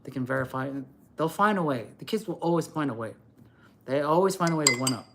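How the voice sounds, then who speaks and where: A man's voice: medium pitch, expressive, fast talker, vocal fry, noisy background. A middle-aged man ranting profanely and lecturing on a livestream. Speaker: livestream host. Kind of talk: livestream rant.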